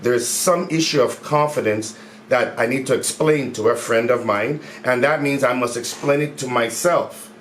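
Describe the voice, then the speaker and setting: Upbeat man coaching in an echoey room. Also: medium pitch. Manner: upbeat, repeats phrases, stretches key words slowly. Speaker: mindset coach. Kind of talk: casual motivational talk to camera. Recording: echoey room with faint background noise.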